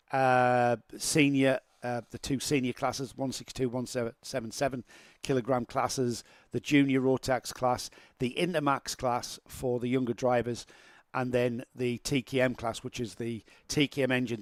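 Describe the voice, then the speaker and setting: A man's voice: medium pitch, dry recording. A man commentating live on karting, chatting with his co-commentator and greeting viewers.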